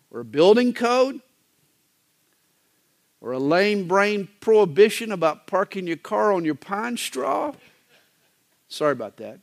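A male pastor delivering a sermon in a folksy, joking manner, with wide swings in pitch.

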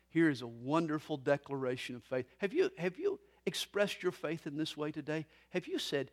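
A man's voice: fairly high pitch, animated, moderate pace. A pastor in his fifties leading a Bible study, preaching earnestly with folksy jokes mixed in.

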